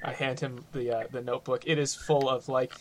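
A man's voice: medium pitch, little pitch movement, fairly quick, slight background noise. A man playing a tabletop role-playing game, describing his character with stammers, restarts and frequent laughter. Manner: hesitant, stammering, laughs often. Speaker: player.

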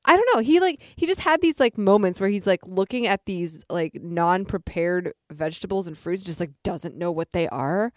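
A woman co-hosting a podcast, chatty and giggly, quick to react, a little tipsy. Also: fairly low pitch, expressive, a little mellow, dry recording, studio quality. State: tipsy from drinking. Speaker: podcast co-host. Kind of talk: casual chat.

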